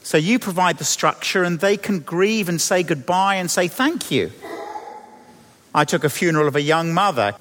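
Animated vicar preaching in a hall. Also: male voice, high-pitched, moderate pace. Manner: animated storytelling, acting out voices in the story. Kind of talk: sermon.

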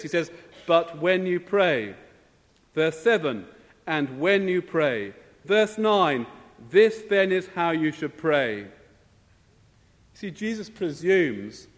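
A man preaches a sermon, measured and emphatic, asking his listeners pointed rhetorical questions. His voice sits fairly high for a man and carries the long, spacious reverb of a church.

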